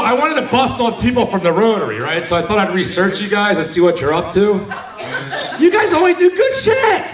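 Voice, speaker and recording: A man in his forties doing a stand-up set at a bar, joking and teasing the crowd. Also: fairly high pitch. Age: 40s. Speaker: stand-up comedian. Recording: echoey hall, mic from far, crowd.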